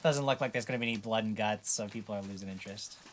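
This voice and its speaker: A man running a tabletop game as game master, easygoing and quick to laugh. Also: on the low side, a little hiss or hum.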